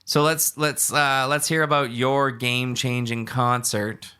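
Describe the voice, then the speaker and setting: A young man, co-hosting an easygoing podcast, tells long-winded stories riddled with fillers and restarts. He speaks a little slowly at a medium pitch with little pitch movement, his tone pushed, bright, clear and resonant.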